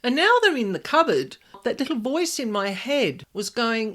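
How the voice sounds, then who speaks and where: A woman's voice: on the high side, sing-song, normal speed, few pauses, fairly bright tone. An Australian woman hosting a solo podcast, telling a chatty personal anecdote and acting out her own inner voices. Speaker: podcast host, paranormal specialist. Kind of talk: casual solo podcast storytelling.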